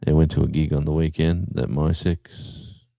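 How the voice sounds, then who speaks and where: A man's voice: a bass voice, level tone, moderate pace, creaky, mellow, dry recording. A middle-aged man hosting a livestream, chatting casually and rambling with lots of fillers. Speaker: livestream host.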